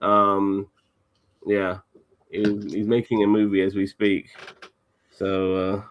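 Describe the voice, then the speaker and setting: A man's voice: low voice, monotone, slow, lo-fi sound, a little hiss or hum. A man in casual podcast banter, rambling with many restarts and swearing freely. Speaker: podcast co-host.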